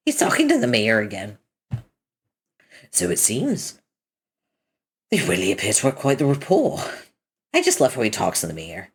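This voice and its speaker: A woman's voice: very deep voice, measured pace, long pauses, breathy edge. A woman reading a comic aloud, voicing its characters and adding casual commentary between lines. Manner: animated, switches between character voices. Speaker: reader of a webcomic.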